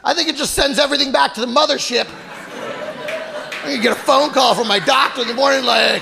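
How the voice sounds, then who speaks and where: A male stand-up comedian performing a loud, profane set on a club stage and shouting his punchlines into a handheld mic. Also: extremely high pitch, a little fast, creaky, big-room sound. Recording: live club with crowd laughter and noise.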